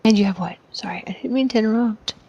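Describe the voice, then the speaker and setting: A woman's voice: a little high, fast talker, dark tone, lo-fi sound, a little hiss or hum, lightly acted. A woman voicing a sly young female adventurer who teases a dragon with half-whispered questions. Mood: teasing.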